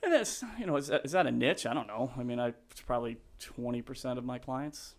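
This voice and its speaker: A man who works as a real estate agent, a guest in a casual podcast interview, talking earnestly with many restarts and fillers. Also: mid-range voice. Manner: halting, full of restarts and fillers; earnest, gets emotional and laughs.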